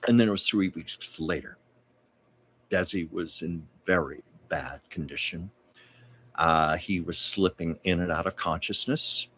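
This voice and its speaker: A man's voice: deep voice, a little slow, fairly bright tone, a little hiss or hum. A man hosting a livestream, telling anecdotes in a conversational way with little asides. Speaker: host. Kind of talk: storytelling livestream chat.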